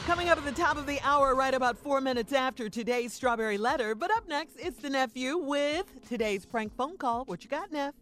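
A woman co-hosting a radio show, briskly wrapping up and introducing segments. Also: high-pitched, fairly bright tone, soft background music.

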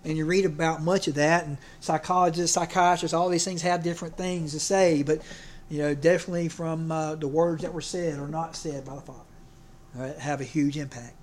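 A man's voice: fairly high pitch, steady tone, fairly quick. A man preaching a folksy sermon, joking and often restarting his sentences. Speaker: pastor.

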